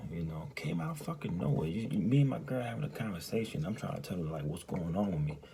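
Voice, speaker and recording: Gravelly New Orleans man telling a story. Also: deep voice, warm tone, slight background noise. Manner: loose, profane, full of fillers like "you know" and "you hear me". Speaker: vlogger telling a personal story. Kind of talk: casual storytelling to camera.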